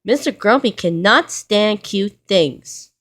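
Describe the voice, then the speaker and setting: A woman's voice: medium pitch, lively intonation, slow, fairly bright tone. A woman voicing a blunt, dismissive rude cartoon man in a storybook reading. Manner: curt, dismissive.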